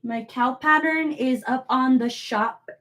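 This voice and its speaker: A woman's voice: high-pitched, slow pace, fairly bright tone. A young woman hosting a casual crochet livestream from home, talking to viewers while she works, bubbly and rambling, often joking at her own expense. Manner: bubbly, rambling, self-deprecating.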